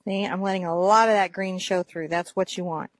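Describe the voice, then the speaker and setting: A woman teaching a painting lesson step by step, gentle and encouraging as she talks through each brushstroke while she paints. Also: fairly low pitch, fairly even intonation, a little fast, no room sound. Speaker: art teacher.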